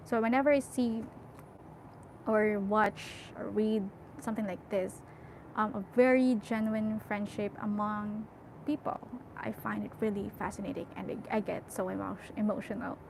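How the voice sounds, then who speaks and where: A woman's voice: medium pitch, fairly even intonation, normal speed, gravelly, a little mellow, a little hiss or hum, low-quality recording. A young woman reading a novel aloud, often correcting herself and stopping to chat about how emotional the story makes her. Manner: emotional, self-correcting, chatty. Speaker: audiobook reader.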